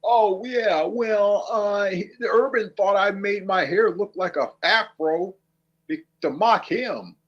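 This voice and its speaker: A man putting on a high, whiny voice to mock another man as defensive and stumbling. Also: slow, fairly bright tone, slightly rough, muffled recording, full character voice. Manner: shrill, stumbling, mocking.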